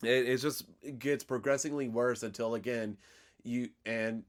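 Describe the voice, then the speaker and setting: A young man co-hosting a podcast, recapping a film in a relaxed, rambling way. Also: medium pitch, normal speed. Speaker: podcast co-host. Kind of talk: casual chat.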